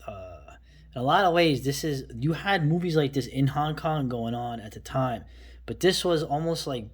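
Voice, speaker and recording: A man from New York City chatting casually about a favorite film, rambling and enthusiastic, often trailing off into a soft mutter. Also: mid-range voice, husky. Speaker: film vlogger. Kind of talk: casual movie talk.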